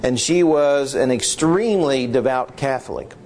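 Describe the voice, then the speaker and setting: A middle-aged man teaching history informally, halting and often clearing his throat. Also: medium pitch, darkish tone, faint music behind.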